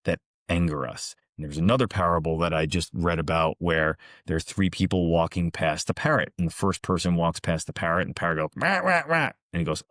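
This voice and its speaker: A man hosting a reflective monologue, calmly and earnestly recounting parables. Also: sits low, brisk, hardly any pauses, dry recording, studio quality. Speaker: host, executive coach.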